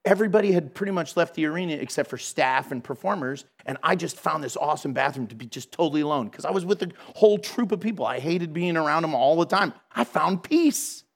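A middle-aged man giving a storytelling sermon in a lively, conversational way, laughing at himself. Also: a little high, fast talker, few pauses. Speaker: Christian speaker.

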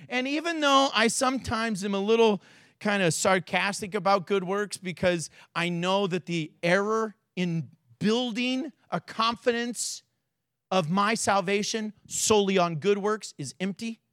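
A man preaching a sermon as a pastor in a church, animated and acting out quotes with big swings in his voice. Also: sits high, no room sound, clean studio sound.

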